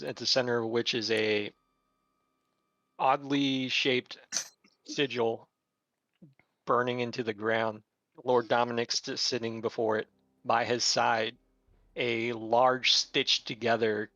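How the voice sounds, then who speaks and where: A man runs a tabletop game, narrating scenes in a bright, forward voice at an unhurried pace. He speaks loosely, with fillers. The audio is slightly dull and lo-fi. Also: medium pitch, no room sound. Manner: relaxed, descriptive, with filler words. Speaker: game master.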